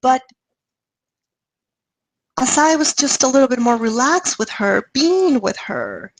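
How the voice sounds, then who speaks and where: Woman presenter with a high, dry voice. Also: dry recording, low-quality recording. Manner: lively, acts out dialogue with rising pitch and laughs. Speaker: webinar presenter. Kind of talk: casual storytelling talk.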